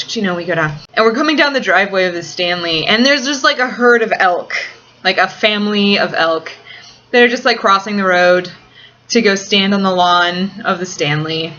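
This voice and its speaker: A woman's voice: mid-range voice, moderate pace, bright, forceful tone, lo-fi sound. A woman vlogger answering viewer questions in casual, rambling chat full of "like," recorded in a small apartment kitchen. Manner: rambling, heavy use of "like".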